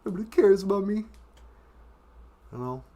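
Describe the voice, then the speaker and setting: A man's voice: sits high, animated, normal speed, dark tone. A man hosting a comic live-stream podcast, teaching language phrases in a joking, self-mocking way. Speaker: podcast host teaching Ojibwe.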